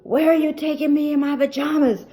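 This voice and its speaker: A woman's voice: high-pitched, fairly even intonation, a little fast, warm tone, faint music behind, pitched above the performer's own voice, close to an everyday voice. A woman voicing her proud elderly mother, who fusses and protests indignantly.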